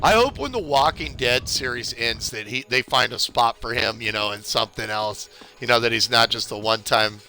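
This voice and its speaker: Here a Californian man plays through a game walkthrough live, chatting and rambling with his audience and saying hello to viewers. He speaks at normal speed with hardly any pauses, in a medium-pitched, bright, forceful voice.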